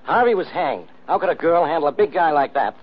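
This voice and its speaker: Pushy fast-talking police inspector, high voice, old muffled radio show. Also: male voice, big pitch swings. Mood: scoffing. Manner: brusque, browbeating. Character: blustering male police inspector. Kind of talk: 1940s radio acting. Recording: dull old radio broadcast.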